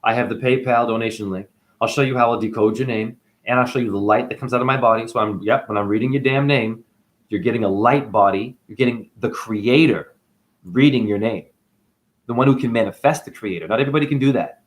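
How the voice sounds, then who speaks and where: Facing the camera, a man casts himself as a spiritual guru, full of boasts and meandering talk that veers from loud eruptions to under-the-breath asides. He has a medium pitch and speaks slightly fast.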